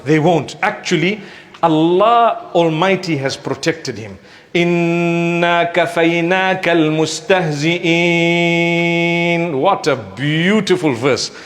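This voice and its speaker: A man preaching a conversational sermon, giving gentle advice and acting out the voices of people he describes. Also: fairly high pitch, unhurried. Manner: animated, acts out quoted speakers; recites scripture in melodic chant. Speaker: Islamic preacher.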